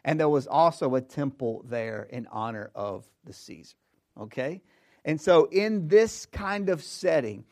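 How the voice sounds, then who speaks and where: A man's voice: fairly high pitch, creaky, a little mellow. A man preaching a sermon as pastor, emphatic and conversational, building phrases through repetition and repeating words as he restarts.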